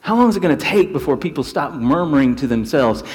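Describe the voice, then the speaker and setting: A man's voice: fairly high pitch, quick pace, in a large hall. A man preaching a sermon, telling stories and acting out quotes. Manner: animated storytelling with acted quotes. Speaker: pastor.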